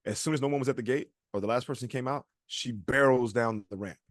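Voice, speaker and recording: A man's voice: medium pitch, quick pace, dry recording, studio quality. A man co-hosting a podcast, telling a long story in a casual chat and acting out the people he quotes. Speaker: podcast co-host.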